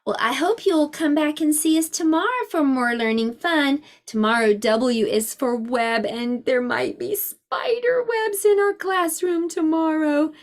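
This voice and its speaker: A woman preschool teacher reading a storybook aloud to young children in an expressive, sing-song way. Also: high voice, unhurried, few pauses.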